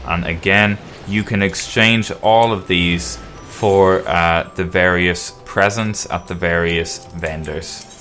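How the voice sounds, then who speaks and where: Low-voiced man narrating a game walkthrough. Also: slow pace, few pauses, soft background music. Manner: relaxed, explaining as he plays, with frequent um and uh. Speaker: game guide video host. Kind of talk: casual gameplay walkthrough commentary.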